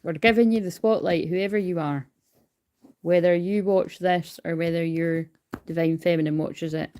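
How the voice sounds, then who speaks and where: A woman's voice: lowish voice, steady tone, moderate pace, a little mellow, slight background noise. Hyper, chatty woman reading cards. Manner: chatty, swears freely, calls herself hyper. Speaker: tarot card reader. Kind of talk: casual livestream card reading. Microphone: phone.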